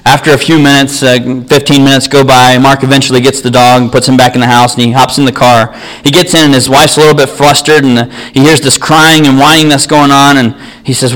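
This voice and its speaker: A man's voice: mid-range voice, little pitch movement, fast talker, hardly any pauses, fairly bright tone, poor audio. A man preaching a sermon, telling an everyday story in an earnest, conversational way.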